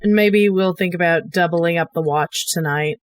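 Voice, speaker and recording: A woman's voice: lowish voice, moderate pace, dry recording. A woman playing a tabletop game, speaking in a thoughtful, slightly hesitant way. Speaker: player.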